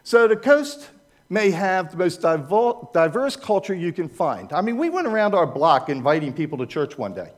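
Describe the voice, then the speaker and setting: Lively high-voiced older American man. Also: moderate pace. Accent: American, from Maryland. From United States. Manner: chatty, digressive, asks the audience for agreement. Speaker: church speaker giving a talk. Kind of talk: informal presentation with slides.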